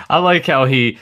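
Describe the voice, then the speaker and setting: A man's voice: mid-range voice, bright, forceful tone, dry recording, studio quality. A man co-hosting a podcast, chatting about an old cartoon in a laid-back, amused way. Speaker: podcast co-host. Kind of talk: casual chat about a cartoon.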